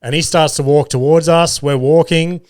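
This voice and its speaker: A man's voice: a little high, steady tone, normal speed, darkish tone, no echo, studio quality. An Australian man in his thirties hosting a podcast, telling a rambling story in a casual monologue, swearing freely and poking fun at himself. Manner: rambling, swears freely, self-deprecating humour. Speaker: podcast host.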